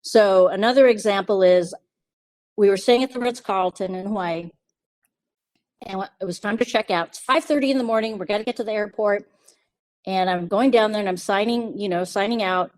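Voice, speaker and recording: A woman hosts her podcast and tells a personal story. She sounds casual and confiding, and she acts out other people's lines in lively asides. The recording is dry and close, with no room sound. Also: mid-range voice, a little fast, no echo. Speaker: podcast host.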